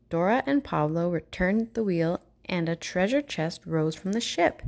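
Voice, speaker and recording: Woman reading a kids' storybook out loud, clear and expressive. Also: lowish voice, a little slow, few pauses. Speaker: narrator. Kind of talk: children's storybook read-aloud.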